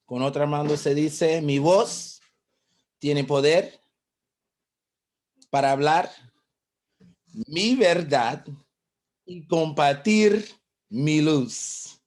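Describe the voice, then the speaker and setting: Man leading a slow rhythmic warm-up. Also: on the high side, slight background noise. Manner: rhythmic counting and chanting, switching between English and Spanish. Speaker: workshop facilitator. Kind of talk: guided warm-up and call-and-response on a video call. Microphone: video call.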